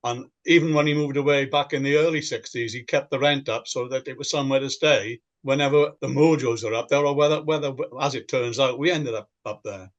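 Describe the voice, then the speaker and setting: A man's voice: mid-range voice, steady tone, brisk, few pauses. Older British man reminiscing, muffled audio. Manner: rambling, repeats words when starting sentences. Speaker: interviewee, former band member. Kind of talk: reminiscing interview.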